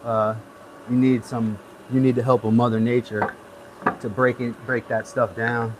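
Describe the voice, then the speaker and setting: A laid-back man chats his way through a live stream, mid-pitched and easygoing. He wanders between practical tips and friendly asides, with a faint insect buzz behind him. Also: little pitch movement, a little slow, noisy background. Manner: rambling, easygoing, gives hands-on tips. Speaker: livestream host. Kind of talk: casual live-stream chat.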